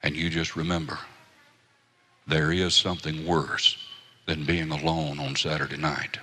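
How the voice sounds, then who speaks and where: A man's voice: a bass voice, level tone, measured pace, pushed and bright. A man preaching a sermon in a folksy storytelling manner, with asides and rhetorical questions. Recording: echoey hall.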